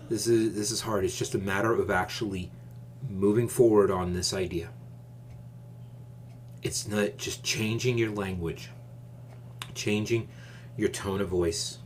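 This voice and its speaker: A man hosting his own channel, giving advice in a calm, measured, deliberate casual monologue. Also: lowish voice, a little hiss or hum.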